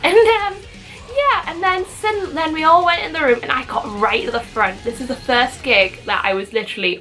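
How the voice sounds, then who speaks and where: A woman's voice: high voice, normal speed, pushed and bright, poor audio. A young woman telling a rambling, giggly story in a casual vlog, full of "like". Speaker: vlogger.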